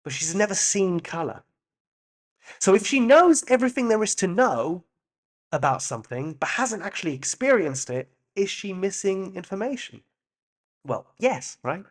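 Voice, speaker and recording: Man, podcast host, reflective solo talk, playful asides, mild swearing, voice sitting a bit high. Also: big pitch swings, moderate pace.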